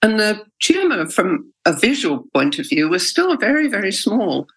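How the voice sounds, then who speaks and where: A middle-aged woman speaks as a patient in an interview, telling her own story frankly and emotionally with hesitations. Her mid-range voice is husky and a bit bright, swinging widely in pitch at a moderate pace, on a rough recording.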